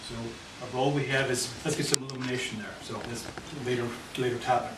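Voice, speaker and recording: Speaking quickly in a steady, mid-range voice, a man takes a committee through a handout map of the neighborhood where he lives. The setting is a meeting room, and the recording is noisy and echoey, picked up by a faraway mic.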